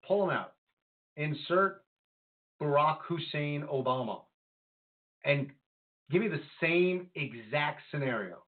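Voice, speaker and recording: A man co-hosting a casual podcast, talking politics in an animated, rambling way with lots of fillers and restarts. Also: fairly high pitch. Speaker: podcast co-host. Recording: phone-like lo-fi line.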